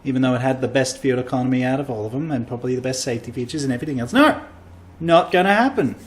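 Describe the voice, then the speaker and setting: A man's voice: medium pitch, steady tone, racing. An Australian man, a comedian hosting a casual podcast, rambling through travel stories and acting out quoted lines.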